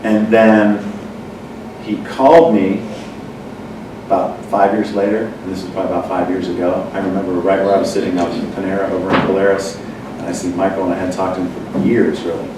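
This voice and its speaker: A man's voice: sits low, a little fast. A man telling a personal story in a casual chat, rambling and correcting himself as he goes. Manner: rambling, self-correcting, animated when quoting others. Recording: echoey room from far off with noise.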